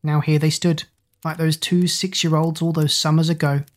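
A woman narrating a children's book in a lively, expressive way. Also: sits low, moderate pace. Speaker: audiobook narrator.

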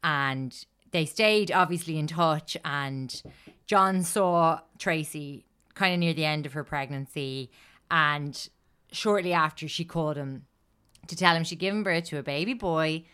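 A woman's voice: deep voice, measured pace, fairly bright tone, smooth. A woman co-hosting a podcast, telling a story in casual, sweary chat and laughing often.

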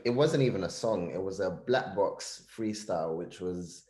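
A man's voice: sits low, lively intonation, moderate pace, mellow, echoey room. A man, a poet talking thoughtfully in an interview, restarting phrases as he works out his ideas. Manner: thoughtful, restarts phrases, uses British slang. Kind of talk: reflective conversational interview.

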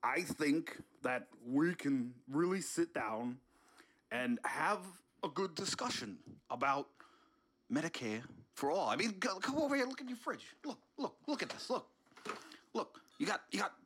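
A man's voice: on the high side, sing-song, measured pace, breathy edge, exaggerated voice. A man voicing a grumbling older male politician who sneaks into a house, muttering and swearing under his breath. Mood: pleading. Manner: hushed muttering, cranky swearing. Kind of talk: comedy sketch impression.

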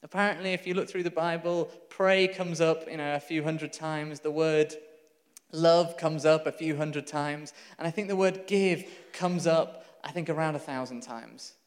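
A man preaching a sermon, telling a story in a lively, conversational way with laughs and asides. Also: on the high side, moderate pace, big-room sound.

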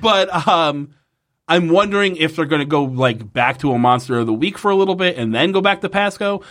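A man hosting a podcast, casually recapping an episode, animated and swearing as he gets worked up. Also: fairly high pitch, a little fast. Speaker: podcast host.

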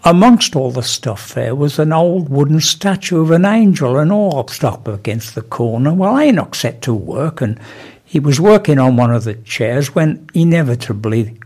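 A man telling a long joke to a group, narrating in a lively, animated way. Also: a little high, normal speed, slightly rough. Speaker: joke teller. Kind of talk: storytelling a joke.

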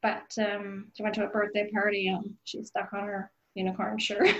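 A woman guest, a parent, talking in a casual podcast chat, soft-spoken and measured and often laughing. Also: medium pitch, level tone, muffled recording. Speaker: guest, parent of an autistic daughter. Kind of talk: casual conversation.

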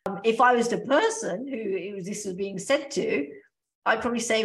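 A woman's voice: on the high side, normal speed, gravelly, a bit bright. A woman co-hosting a casual podcast chat, thoughtful, working her ideas out aloud with restarts. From Australia. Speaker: podcast co-host.

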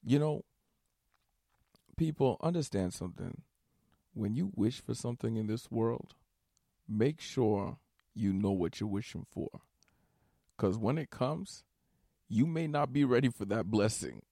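A man's voice: fairly low pitch, lively intonation, a little slow, vocal fry, pauses often, mellow, no room sound, studio quality. A man hosting a solo comedy podcast, ranting in an exasperated way, swearing and breaking into nervous laughter. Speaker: stand-up comedian and podcast host.

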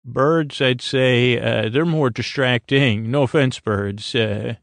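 A man with a gravelly, creaky voice rambles through a goofy bedtime monologue, drifting from thought to thought. He stumbles over restarts and leans on fillers, and the recording is dry and close. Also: medium pitch, slow pace, no room sound. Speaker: sleep podcast host.

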